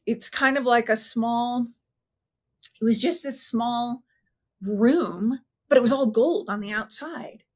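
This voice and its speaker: A woman in an interview, telling a personal story earnestly and haltingly, often restarting her sentences and slowing down at emotional points. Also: fairly high pitch, darkish tone. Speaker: interview guest.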